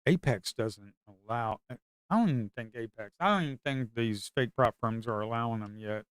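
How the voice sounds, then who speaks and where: A man giving casual, rambling commentary on his trading screen, excitable and slangy. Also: medium pitch, normal speed, clear, resonant tone, no room sound. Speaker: futures trader and video host.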